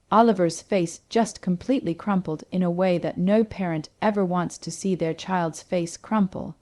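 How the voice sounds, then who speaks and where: A woman reads a first-person family story in a scripted narration style. Her delivery is steady and emotional, and her voice is mellow. The sound is dry and close. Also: fairly low pitch, no room sound. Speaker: narrator, mother.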